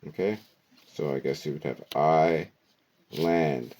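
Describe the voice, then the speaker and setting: A man teaching an esoteric word-decoding lesson, talking deliberately and often checking in with "okay" and "right". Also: a bass voice, warm tone, slight background noise.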